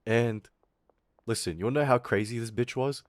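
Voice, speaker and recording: A young man streaming, telling a school story in a casual, animated, swearing way. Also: medium pitch, moderate pace, dry recording, studio quality.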